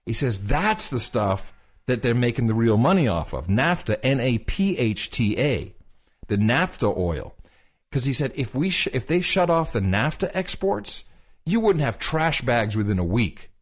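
A man's voice: mid-range voice, measured pace. A man co-hosting a podcast, casually retelling a conversation with lots of fillers, restarts and quoted dialogue. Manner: animated retelling, quoting others, many fillers and restarts. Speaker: podcast co-host.

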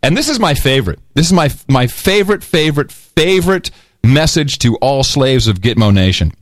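A man's voice: medium pitch, animated, moderate pace, dry recording. A man co-hosting a podcast in casual chat, rambling with many fillers and chuckles. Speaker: podcast co-host.

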